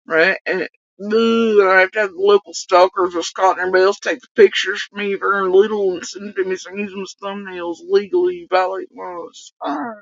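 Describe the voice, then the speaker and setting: A woman's voice: mid-range voice, fairly even intonation, a little fast, gravelly, hardly any pauses, dry recording, muffled recording. A woman hosting a livestream, talking casually and cursing as she mocks someone. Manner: profane, mocking rants. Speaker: livestream host.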